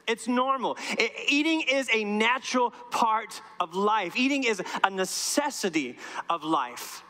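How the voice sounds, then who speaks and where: A man's voice: sits high, pushed and bright. A middle-aged man preaching a conversational sermon as a pastor, telling stories and asking the congregation questions. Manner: storytelling, asks the congregation questions. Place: church sanctuary. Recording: long church reverb.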